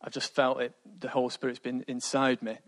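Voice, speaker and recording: A man's voice: mid-range voice, monotone, a little fast. A man giving a spoken testimony to his church, hesitant with frequent ums.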